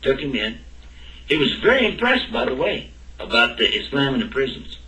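A man's voice: medium pitch, big pitch swings, normal speed, bright, forceful tone. A man telling a personal story in a talk, acting out both sides of the dialogue. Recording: roomy and distant from the mic.

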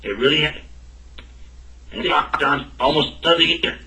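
A man's voice: a little high, steady tone, moderate pace, pushed and bright. A man telling a personal story in a talk, acting out both sides of the dialogue. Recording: roomy and distant from the mic.

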